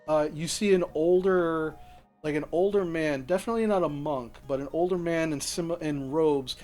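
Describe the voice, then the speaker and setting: A man's voice: fairly high pitch, moderate pace, a little mellow, faint music behind. Rambling game master man. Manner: rambling, lots of fillers and restarts. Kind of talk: narrating a tabletop game.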